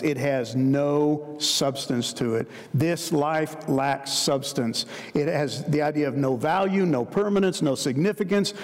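A man's voice: fairly high pitch, darkish tone, in a large hall. A man preaching a sermon in an earnest way, building his points through repeated emphatic phrases and talking to the listeners as guys.

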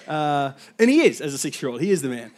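A man in his thirties preaching a sermon, telling a personal story in a lively way with frequent fillers and asides. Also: on the high side, fast. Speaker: pastor.

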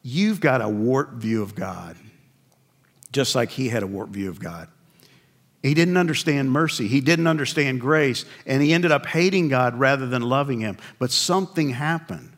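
A man's voice: mid-range voice, normal speed, a bit bright. An older male pastor preaching a sermon in a conversational storytelling way, with wry acted asides.

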